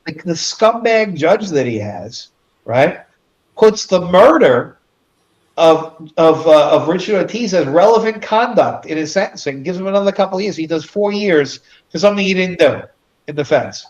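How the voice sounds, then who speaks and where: Profane, animated New man. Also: high voice, normal speed. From New York. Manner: profane, blunt, heated. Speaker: journalist guest. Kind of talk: casual stream chat. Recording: dull lo-fi audio.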